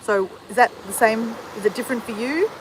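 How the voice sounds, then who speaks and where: Outdoors in the sunshine, a woman with an Australian accent hosts a relaxed livestream, welcoming viewers and replying to comments. Her voice runs on the high side and she speaks briskly. The audio is poor, with a little hiss or hum.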